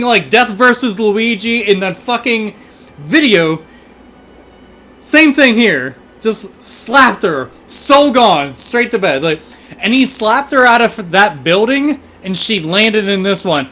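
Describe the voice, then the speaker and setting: Profane, excitable high-voiced male streamer. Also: slow. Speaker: streamer playing a game. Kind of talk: livestream game commentary.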